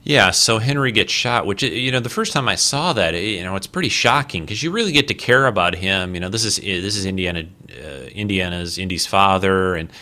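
A man's voice: deep voice, animated, fairly quick, few pauses, pushed and bright. A man casually talking through a movie scene in a rambling way, full of fillers and restarts. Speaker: movie commentary host. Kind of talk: casual film commentary.

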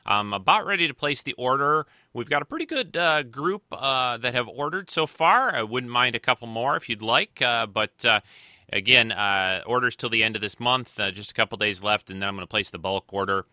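Male podcast host, slightly nasal, rambling delivery with lots of pauses, very bright crisp tone, bone-dry close mic. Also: medium pitch, expressive, dry recording. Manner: rambling, many filler pauses. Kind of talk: casual solo podcast talk.

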